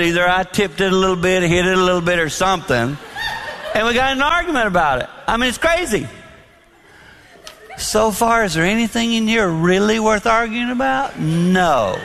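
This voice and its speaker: A man preaching a sermon on marriage, telling personal stories in a lively, confessional way. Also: high-pitched, moderate pace, gravelly, slight background noise. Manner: animated storytelling, confessional. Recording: long reverb in a large hall.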